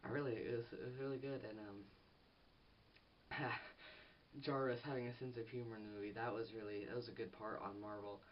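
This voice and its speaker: A teenage boy rambles excitedly through a casual film review, restarting sentences and losing his thread. He sounds set back from the microphone, and the audio is dull and lo-fi with a faint hiss underneath. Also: mid-range voice, fairly quick, distant mic. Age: teens. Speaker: movie reviewer.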